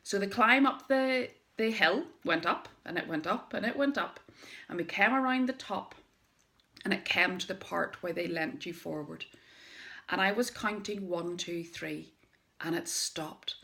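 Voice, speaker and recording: A middle-aged woman who runs a direct-sales business, telling a personal story to camera as motivation. She tells it in a lively, emphatic way, with dramatic pauses. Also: fairly low pitch.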